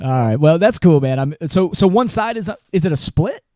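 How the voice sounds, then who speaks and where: A man's voice: on the high side, lively intonation, normal speed, dark tone, dry recording, clean studio sound. A man hosting a podcast in casual chat, laid-back, laughing often and telling stories. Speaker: podcast host.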